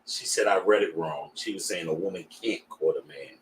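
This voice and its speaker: A man's voice: deep voice, moderate pace, far from the mic, a little hiss or hum, poor audio. A man assisting a class, giving short affirmations and reading texted questions aloud.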